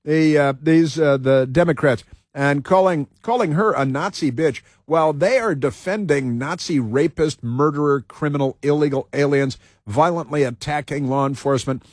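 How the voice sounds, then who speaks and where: Male radio host, combative and repetitive, slightly high voice, dry sound. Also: moderate pace, no echo. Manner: combative, repeats phrases for emphasis. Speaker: radio talk show host. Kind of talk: talk radio commentary.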